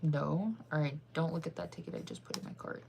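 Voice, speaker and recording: A woman with a fairly low voice chats casually on a livestream, talking straight to her viewers. She giggles often and gets excited easily. A faint hiss sits under her voice. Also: vocal fry. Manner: chatty and giggly, quick to get excited. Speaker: streamer.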